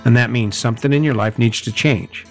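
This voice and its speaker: A middle-aged man giving a high-energy, conversational motivational talk, often correcting himself mid-sentence. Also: a little fast, faint music behind. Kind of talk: motivational monologue.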